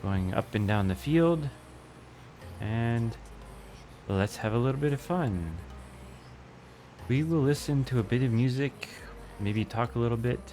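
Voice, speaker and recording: A man giving casual gameplay commentary, thinking aloud in a relaxed way with small hesitations. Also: mid-range voice, a little slow, long pauses, faint music behind.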